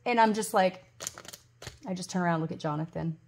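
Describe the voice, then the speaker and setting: A woman's voice: on the low side, fairly quick, gravelly, a little hiss or hum. A woman in her forties chatting casually to her vlog audience, rambling with lots of ums and restarts, and gushing over gifts. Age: 40s. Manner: gushes loudly over gifts. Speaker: budgeting vlogger.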